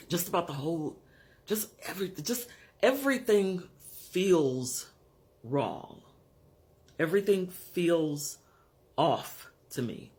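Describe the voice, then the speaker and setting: Slow, frank man in his fifties or sixties. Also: fairly high pitch. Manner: frank, measured, pausing to search for words. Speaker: vlogger. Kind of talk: candid personal vlog monologue.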